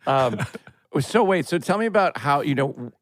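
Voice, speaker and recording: A man hosting a podcast in casual chat, effusive and quick to laugh and gush. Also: a little high, animated, dry recording, clean studio sound. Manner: effusive, laughing, gushing with praise. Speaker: podcast host.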